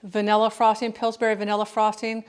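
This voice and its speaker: A woman's voice: mid-range voice, monotone, fast, clear, resonant tone. A woman hosting a casual cooking livestream from her home kitchen, chatting with viewers by name and often restarting her sentences.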